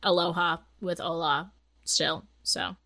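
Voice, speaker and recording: A woman's voice: lowish voice, level tone, slow, gravelly, bright, forceful tone. A woman co-hosting a podcast in casual chat, blunt and offhand, full of filler words. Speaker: podcast co-host.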